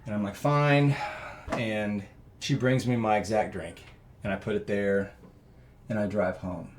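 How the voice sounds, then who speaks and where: A man guest telling a personal story in an interview, earnest and rambling with many fillers, growing loud and animated at emotional moments. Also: fairly low pitch, moderate pace, slight background noise.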